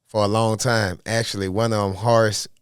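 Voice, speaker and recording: A man talking as a podcast guest in a casual interview, animated and full of streetwise slang. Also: lowish voice, moderate pace, smooth, no room sound, clean studio sound. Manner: animated, streetwise slang, asks "you know what I mean". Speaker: podcast guest, golf caddie.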